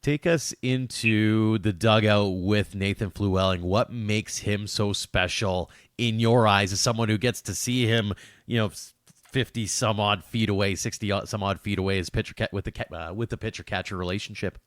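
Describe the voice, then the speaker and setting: A man's voice: fairly low pitch, fairly even intonation, moderate pace, no echo, studio quality. A man hosting a podcast interview, asking long, conversational questions. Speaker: podcast host.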